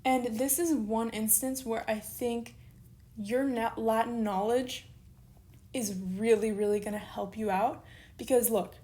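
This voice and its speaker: A woman's voice: fairly high pitch, fairly even intonation, measured pace, mellow. A woman recording an online lesson, patiently spelling out letters one at a time as she explains. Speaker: teacher.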